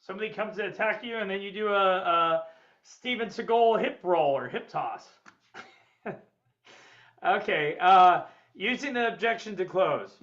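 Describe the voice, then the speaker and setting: High-voiced, blunt male sales trainer. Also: a little slow, dull audio. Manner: energetic, blunt, swears freely, acts out client quotes. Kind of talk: webinar seminar lecture.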